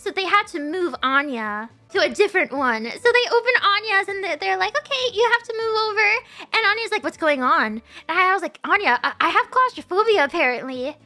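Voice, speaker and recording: A woman with a very high, bright voice tells a story in a loose, chatty way. Her pitch jumps around a lot as she acts out the people in it, and she laughs often. Soft music plays behind her. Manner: animated storytelling, laughing often, acting out quotes. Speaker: streamer. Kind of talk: casual story time chat.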